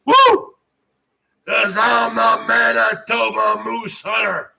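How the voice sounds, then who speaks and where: A brash male moose hunter, as a man puts him on bellows every line in a slow, drawn-out holler. The voice is strained and gravelly, pitched strikingly high, with a sharp, piercing edge. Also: flat delivery, full character voice. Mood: boastful hollering. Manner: shouting, barking "huh?" between phrases. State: hoarse. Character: loud boastful male moose hunter from Manitoba.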